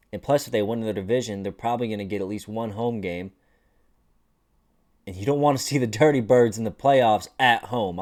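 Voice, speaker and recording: A man hosting a casual sports commentary vlog, animated and joking with lots of swearing. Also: lowish voice. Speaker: host.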